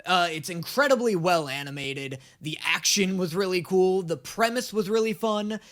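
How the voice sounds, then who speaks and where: A young man hosting a comedic anime reaction video, jokey and animated. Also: sits high, moderate pace. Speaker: YouTube reaction host.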